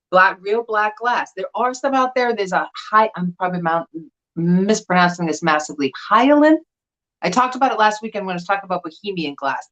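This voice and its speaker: A woman's voice: medium pitch, a bit bright, poor audio. A woman hosting a casual live stream, explaining things to her viewers in a chatty way with asides. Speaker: host of a live vintage sale. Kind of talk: casual livestream chat.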